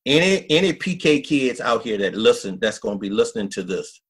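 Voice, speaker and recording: Middle-aged male pastor, husky voice, folksy and earnest storyteller, podcast guest. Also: medium pitch, sing-song, fairly quick. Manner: earnest, folksy storyteller who acts out quotes.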